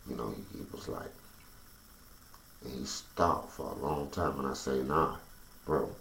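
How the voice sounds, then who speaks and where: Man, AAVE, very low gravelly voice, intense emotional testimony, echoey room recording. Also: measured pace, long pauses, a bit bright. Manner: intense, rising to agitated outbursts. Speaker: storyteller recounting personal experience. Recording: echoey room with faint background noise.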